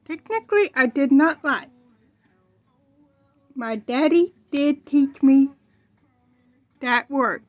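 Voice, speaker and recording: A woman's voice: sits high, takes it slowly, pauses often, no echo, dull audio. A woman telling a funny story in a casual way, giggling and laughing often.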